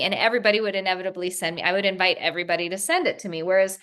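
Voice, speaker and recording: A woman's voice: on the low side, racing, hardly any pauses, fairly bright tone. A woman from the American Southwest interviewing a publisher in a casual chat, acting out quotes and laughing often.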